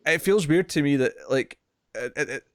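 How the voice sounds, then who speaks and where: A man's voice: a little high, moderate pace, no room sound, studio quality. A British man co-hosting a TV review podcast, rambling casually and repeating himself as he recaps scenes. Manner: rambling, repeats words, acts out scenes in quotes.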